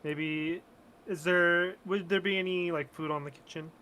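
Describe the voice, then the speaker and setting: A man's voice: sits high, steady tone, measured pace, bright, forceful tone, a little hiss or hum. A man playing a tabletop roleplaying game, casually describing what his character does. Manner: casual, thinking aloud. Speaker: player.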